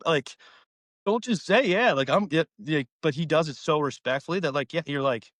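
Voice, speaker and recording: Man, college baseball coach, podcast interview, rambling, quick, dry close sound. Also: on the high side, expressive, fairly bright tone, no echo. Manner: rambling, filler-heavy, acts out conversations.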